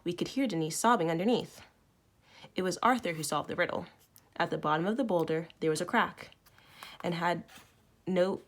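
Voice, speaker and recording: A woman teacher reading a novel aloud to her students, expressive, with small self-corrections. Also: fairly low pitch. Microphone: recorded at home for online learning.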